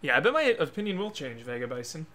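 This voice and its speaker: A man co-hosting a game playthrough, chatting casually, excitable and quick to laugh. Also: on the high side, slight background noise. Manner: excitable, laughs often, talks up the hype. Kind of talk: casual gaming commentary. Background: game music.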